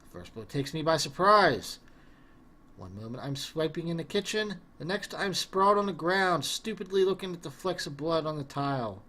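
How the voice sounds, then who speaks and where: A man voicing a troubled young male wizard who recalls his father's abuse in a quiet, halting way. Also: on the high side, lively intonation. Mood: haunted.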